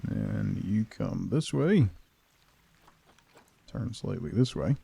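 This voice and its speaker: A man's voice: lowish voice, expressive, slow pace, vocal fry, breathy edge. A man streaming a building game, chatting casually and teasingly with viewers. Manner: playful, teasing chat with viewers; soft cooing baby talk to a pet. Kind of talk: casual gameplay chat.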